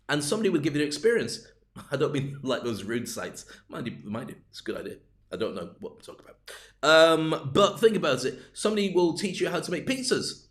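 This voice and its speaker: A man's voice: on the high side, creaky. A man hosting a live-streamed business talk, rambling with jokey, self-deprecating asides. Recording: roomy echo.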